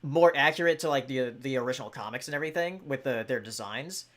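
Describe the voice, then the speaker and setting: A man's voice: medium pitch, fast talker, fairly bright tone. Hesitant man hosting a podcast. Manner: hesitant, many fillers. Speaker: podcast host. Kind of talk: casual chat.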